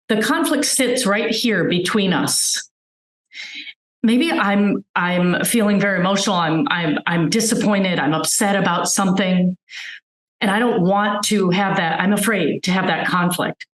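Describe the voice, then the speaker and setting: A woman's voice: medium pitch, roomy sound, poor audio. A woman physician giving a webinar talk, earnestly explaining with everyday examples over a video call. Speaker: physician guest speaker.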